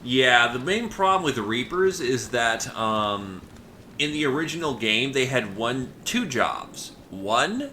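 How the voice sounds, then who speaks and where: A man's voice: medium pitch, sing-song, slow pace, sharp tone, slight background noise. A male streamer giving casual commentary on a strategy game, rambling and correcting himself with lots of fillers.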